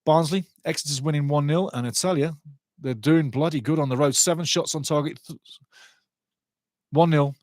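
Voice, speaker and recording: A man's voice: fairly high pitch, normal speed, pauses often, darkish tone, no room sound. A man hosting a live football watch-along, chatting through scores and match statistics. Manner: chatty, reads out scores and stats.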